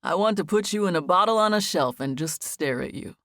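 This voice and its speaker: A woman reading a playful, teasing young man in an audiobook, lowering her voice only slightly. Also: animated, fairly quick, a bit bright, no echo, clean studio sound.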